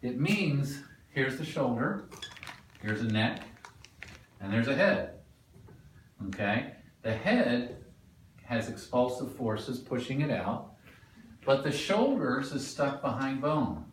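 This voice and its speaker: Male lecturer, animated, questions the class, roomy distant sound. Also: mid-range voice, slow, long pauses, a little hiss or hum. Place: lecture room. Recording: echoey room, mic at a distance.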